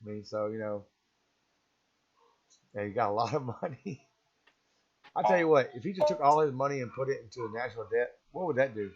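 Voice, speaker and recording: A man's voice: mid-range voice, lively intonation, brisk, pauses often. A man hosting a casual live-stream chat, rambling and opinionated, often chuckling. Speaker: stream host. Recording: slightly dull, lo-fi stream audio.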